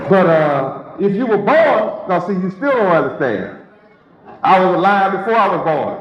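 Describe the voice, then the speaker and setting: A man's voice: high voice, sing-song, moderate pace. Emphatic preacher man in an echoey hall. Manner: emphatic, repetitive, rhetorical questioning. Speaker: preacher and teacher. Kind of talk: sermon. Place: hall with a live congregation. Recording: echoey, dull lo-fi recording with crowd.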